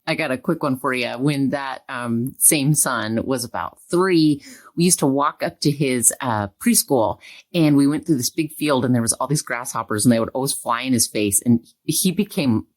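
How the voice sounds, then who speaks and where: A woman's voice: a bass voice, normal speed. A woman telling a playful parenting story in a casual way, using "like" often. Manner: playful, uses "like" a lot. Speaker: guest sharing a parenting tip.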